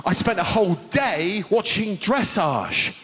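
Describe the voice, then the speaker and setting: A man performing a live stand-up set on a large theatre stage into a stage mic, telling stories in a loud, exclamatory way. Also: high-pitched, big pitch swings, measured pace. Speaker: stand-up comedian. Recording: live theatre crowd and noise.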